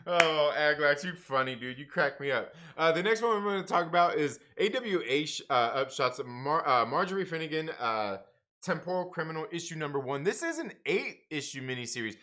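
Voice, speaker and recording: A man's voice: on the high side, expressive, normal speed, sharp tone. A man hosting a comics livestream, chatting casually with viewers, laughing often and calling people man and bro. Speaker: comics review livestream host.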